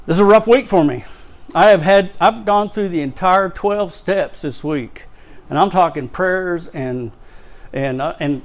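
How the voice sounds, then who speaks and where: Man, recovery-meeting speaker, halting emotional share with dry self-mockery, slightly high voice. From Louisiana, raised in Texas. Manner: halting, repeats words, emotional, self-deprecating humor.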